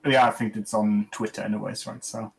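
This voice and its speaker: A middle-aged man with a lowish voice talks calmly over a voice call. He pauses and gropes for words as he explains what he wants help with. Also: gravelly, crowd noise. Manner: relaxed, hesitant, many fillers. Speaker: student taking a coaching session. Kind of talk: casual chat on a voice call.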